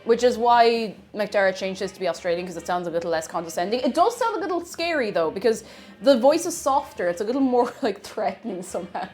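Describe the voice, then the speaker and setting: A woman's voice: mid-range voice, expressive, fast talker, darkish tone, soft background music. A woman with an Irish accent chatting casually on a live cooking stream, reading out messages from viewers. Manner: chatty, reads out chat, lots of restarts.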